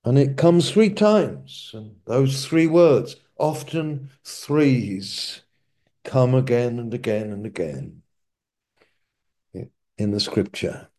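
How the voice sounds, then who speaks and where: A man preaching a sermon, speaking slowly and emphatically and repeating key phrases for weight. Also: mid-range voice, animated, dark tone.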